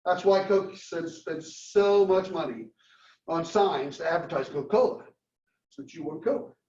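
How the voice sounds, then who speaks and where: Animated high-voiced male lecturer, distant. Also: measured pace. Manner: animated storyteller acting out dialogue. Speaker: marketing lecturer. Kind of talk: classroom lecture with storytelling. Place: lecture room. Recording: roomy, distant, dull classroom recording.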